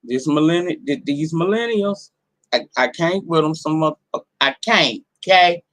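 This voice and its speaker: A hoarse woman in her forties chats to her live-stream audience from home, her voice roughened by a cold. She talks in a sassy, salty, familiar way, calling her viewers honey and girl, recorded on a simple home setup. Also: deep voice, animated, a little slow. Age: 40s. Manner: sassy, profane, talks straight to the chat. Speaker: livestream host. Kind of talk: casual live-stream chat.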